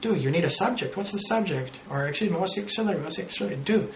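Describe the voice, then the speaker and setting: Guy teaching english tips to camera, bit of fry in the voice, acts out mistakes, roomy sound. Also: expressive, rapid-fire, fairly bright tone. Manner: explains casually, acts out student errors with pitch jumps. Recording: roomy echo with faint noise.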